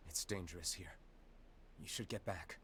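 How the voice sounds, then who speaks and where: A man's voice: sits low, normal speed, slightly rough, no room sound, heavily acted. An actor playing a brooding young male swordsman in a video game, speaking in a terse, grim way. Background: loud game music.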